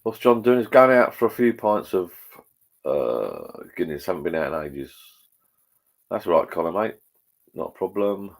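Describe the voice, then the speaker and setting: Man, very low voice, casual matey rambling chat, hosting a live stream from home. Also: big pitch swings, moderate pace. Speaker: livestream host. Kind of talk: casual chat with viewers while drinking. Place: at home, indoors.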